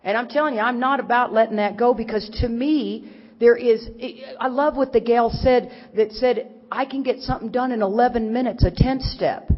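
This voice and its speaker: Middle-aged woman, raised in Texas, folksy recovery speaker; higher voice, muffled hall recording. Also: normal speed. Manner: animated and folksy, teasing the audience. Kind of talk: recovery talk to a crowd. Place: large conference hall. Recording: dull recording with long hall reverb.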